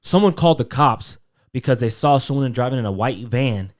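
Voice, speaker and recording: A man's voice: medium pitch, expressive, a little fast. Casual young man telling a story. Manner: loose storytelling full of fillers and quoted voices. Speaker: podcast co-host. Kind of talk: casual podcast chat.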